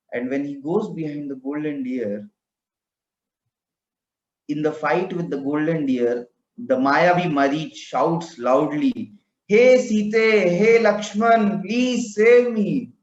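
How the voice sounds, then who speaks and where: Man retelling scripture. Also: medium pitch. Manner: narrating, acts out dialogue. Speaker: preacher. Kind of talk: scripture storytelling talk. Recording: roomy, dull lo-fi recording.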